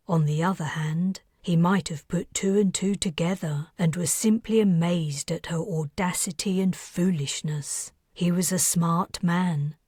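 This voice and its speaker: Woman narrator, audiobook reading, unhurried, husky voice, tense dramatic delivery. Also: lowish voice, a little mellow, dry recording, studio quality.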